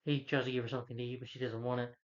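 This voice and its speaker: A man retells a film's story in loose, casual talk, stumbling over names and correcting himself. His voice sits at an ordinary middle pitch. The recording sounds muffled and lo-fi. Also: level tone, rapid-fire. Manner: rambling, many fillers and self-corrections. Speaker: film reviewer. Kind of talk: casual movie plot recap.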